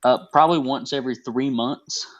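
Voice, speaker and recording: A man's voice: mid-range voice, fairly even intonation, normal speed. A man with a Southern US accent from North Carolina, a wrestler guest telling a story with laughs on a podcast call. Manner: laid-back storytelling, laughs often. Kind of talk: casual podcast chat over a call. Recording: muffled phone call audio.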